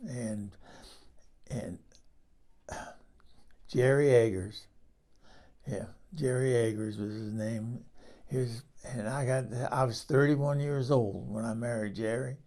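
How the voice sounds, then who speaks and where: A man doing a 78-year-old woman with a gravelly, fry-laden voice at a middling pitch. She rambles through her memories in a folksy, salty way, stumbling over restarts and tossing out sassy asides. It is a comic character monologue. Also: takes it slowly, long pauses, warm tone. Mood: fond, rambling. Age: 78 (figure).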